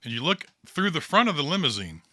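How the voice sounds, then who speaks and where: A man's voice: on the high side, very animated, quick pace, sharp tone, no room sound, studio quality. A man running a tabletop game as the storyteller, narrating in a loose, chatty way.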